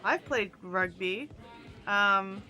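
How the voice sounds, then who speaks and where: A woman's voice: medium pitch, very slow, pushed and bright, faint music behind. A young woman streaming a game, chatting casually and reading in-game letters aloud in playful voices. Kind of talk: casual live-stream commentary.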